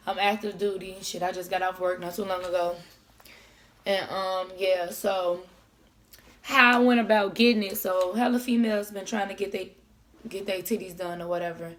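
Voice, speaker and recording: A woman's voice: mid-range voice, slight background noise. A young woman, telling a long story in a casual, profane, slangy vlog and acting out the conversations. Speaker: vlogger.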